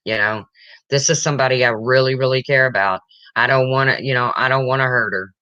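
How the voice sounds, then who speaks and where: A woman's voice: extremely low pitch, steady tone, a little fast, bright, forceful tone, smooth, no echo, lo-fi sound. A woman hosting a casual livestream chat, emotional and reading viewer comments aloud. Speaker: livestream host.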